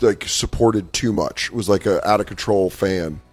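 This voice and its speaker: A man's voice: fairly low pitch, a little slow, faint music behind. An American man co-hosting a podcast, chatting casually and slipping into mock voices and impressions. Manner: animated, breaks into mock voices and shouting impressions. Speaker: podcast co-host. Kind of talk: casual studio chat.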